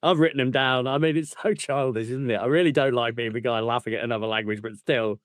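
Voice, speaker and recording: A man's voice: medium pitch, fast, hardly any pauses, no room sound, clean studio sound. A man co-hosting a football book podcast, mocking and swearing as he laughs through the chat. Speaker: podcast co-host. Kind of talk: casual chat.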